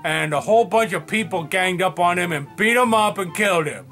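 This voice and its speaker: A man voicing a dim-witted, cheerful male puppet who speaks slowly and earnestly in a comedy sketch. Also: high voice, vocal fry, bright, forceful tone, faint music behind, exaggerated voice. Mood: naive. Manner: slow, naive and earnest.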